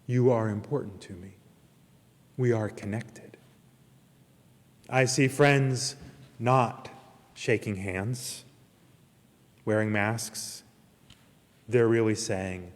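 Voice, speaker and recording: A man preaching a sermon as minister, earnest and emphatic, with slow deliberate pauses. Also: medium pitch. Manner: earnest preaching, slow emphatic pauses, retells a parable with lively character voices. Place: church service streamed online. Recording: long hall reverb.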